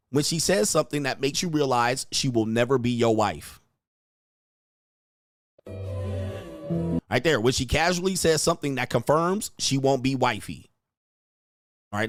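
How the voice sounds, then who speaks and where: Man, commentary host, blunt, repetitive, dry mic, middle pitch. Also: no room sound. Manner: blunt, crude, repeats himself, mimics reactions. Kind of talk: commentary on video clips.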